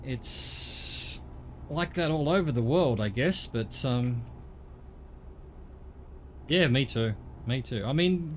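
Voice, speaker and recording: A man's voice: mid-range voice, a little hiss or hum. A middle-aged man with an Australian accent chatting casually on a gaming stream, rambling and swearing now and then.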